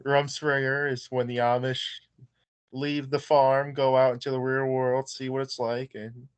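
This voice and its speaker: A man's voice: mid-range voice, level tone, moderate pace, clear, resonant tone, no room sound. A young man, a wrestler guest in an interview, talking in a laid-back, joking way. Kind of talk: casual interview chat.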